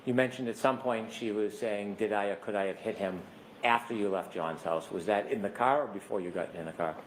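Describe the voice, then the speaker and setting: A man acting as prosecutor in a courtroom, asking measured, methodical questions. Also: on the low side, a little hiss or hum, poor audio.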